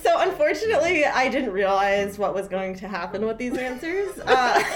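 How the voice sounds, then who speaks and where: A woman's voice: fairly high pitch, very animated, moderate pace, over music. A woman telling an embarrassing story in a party game, giggly and rambling with many fillers.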